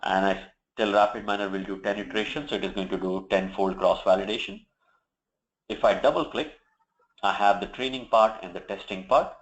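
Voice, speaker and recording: Male presenter, deep voice, steady explanatory software walkthrough, dull lo-fi webinar sound. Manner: steady explanatory, occasional fillers. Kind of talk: product demo walkthrough.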